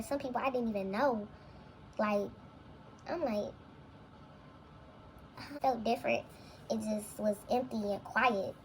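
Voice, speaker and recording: A woman's voice: a little high, creaky, a little mellow, a little hiss or hum, rough recording. A young woman, a vlogger, telling a long personal story in a casual, rambling, reflective way full of fillers. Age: young adult.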